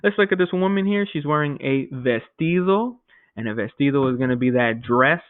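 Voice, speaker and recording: A man teaches a recorded Spanish lesson, walking through each word and checking in with "okay?". His voice sits at an ordinary middle pitch. The sound is dry and thin, like it came through a phone. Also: animated, moderate pace, clear, resonant tone, no echo. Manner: explains step by step, often checking with "okay?". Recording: tinny phone-like audio.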